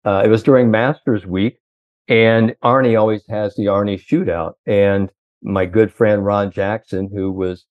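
A man's voice: on the low side, fairly even intonation, measured pace, no echo, phone-quality sound. An older man, a sports psychologist, telling long rambling anecdotes full of "you know".

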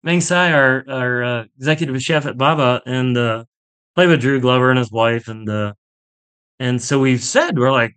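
With a smooth, slightly bright mid-range voice at a moderate pace, a Pittsburgh man chats on a podcast in a casual interview. He's a golf instructor who rambles enthusiastically and laughs often while telling stories.

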